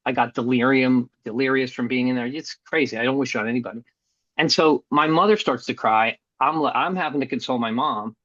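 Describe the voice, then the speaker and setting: A middle-aged man speaks as a podcast guest, telling his own story in an earnest, blunt way and swearing casually now and then. His voice sits at a plain, average pitch. The sound is muffled and dull, recorded close in a dry room with no echo. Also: brisk, fairly bright tone. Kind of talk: candid personal storytelling.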